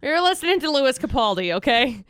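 A woman co-hosting a radio show, playful and quick to laugh in casual banter. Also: sits high, sing-song, a bit bright, clean tone, dry recording, clean studio sound. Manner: playful, laughing, defensive when teased.

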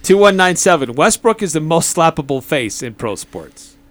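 A man's voice: a little high, lively intonation, normal speed. A man co-hosting a sports talk radio show, trading dry comebacks and reading listener texts.

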